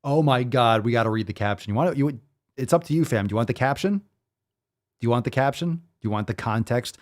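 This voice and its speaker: A man's voice: mid-range voice, fast. A man hosting a fitness show, ranting with profanity, incredulous and full of rhetorical questions. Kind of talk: ranting commentary.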